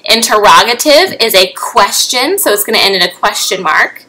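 A woman's voice: medium pitch, animated, normal speed, few pauses, pushed and bright, low-quality recording. A young adult woman teacher giving a remote lesson to young children, patient, with frequent rising "okay?" checks.

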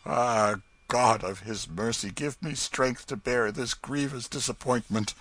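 A man voicing a solemn, sorrowful nobleman who speaks slowly and heavily in archaic English. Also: mid-range voice, fairly bright tone, pitched above the performer's own voice. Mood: mournful. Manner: slow, heavy, solemn delivery. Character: grave, sorrowful younger brother, nobleman.

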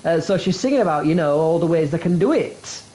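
A man's voice: a little high, animated, fairly quick, mellow, low-quality recording. A man co-hosting a casual gaming stream, telling long, rambling stories. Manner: chatty storyteller, rambling. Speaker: co-host.

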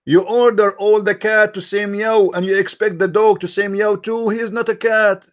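A man's voice: sits high, little pitch movement, normal speed. A man hosting a live-streamed religious debate, speaking with a mocking, argumentative tone, firing rhetorical questions at his viewers in non-native English grammar.

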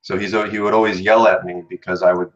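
American man, very low voice, relaxed chatty student in a casual lesson, slightly dull recording. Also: a little fast. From United States. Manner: relaxed, chatty, repeats words after the teacher.

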